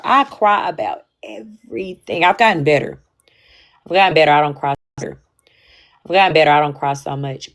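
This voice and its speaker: A young woman with talks frankly on a casual livestream. Her voice sits low, and she circles back over her words and restarts often. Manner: candid, repetitive, emphatic with frequent restarts. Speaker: livestream host.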